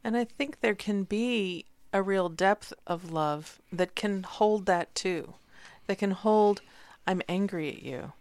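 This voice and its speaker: A middle-aged woman co-hosting a relaxed talk, thoughtful and searching for her words. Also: medium pitch, slow, clear, resonant tone, dry recording. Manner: thoughtful, searching, many fillers. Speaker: podcast co-host. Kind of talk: casual conversation.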